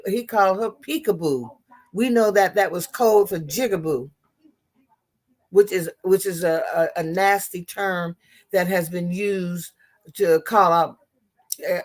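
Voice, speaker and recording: Blunt, impassioned woman commentator. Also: on the low side. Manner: emphatic, blunt, profane, with many restarts. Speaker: political commentator.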